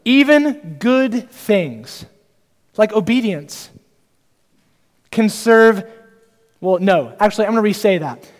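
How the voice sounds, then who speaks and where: A high-pitched man preaches in an unhurried, deliberate way, leaning on rhetorical questions to draw in his listeners. His voice rings out with a long reverb from a church hall. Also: animated. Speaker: pastor. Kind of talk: sermon.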